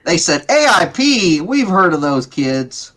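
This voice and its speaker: A man's voice: sits high, big pitch swings, unhurried, a bit bright. A man co-hosting a casual chat who rambles, repeats words and slips into playful impressions. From Pittsburgh area. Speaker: podcast co-host.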